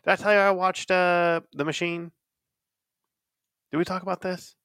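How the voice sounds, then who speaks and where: Gravelly bright-voiced man chatting. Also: sits high, fairly even intonation, normal speed, dry recording, studio quality. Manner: rambling, laughs often. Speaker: podcast co-host. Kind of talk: casual chat.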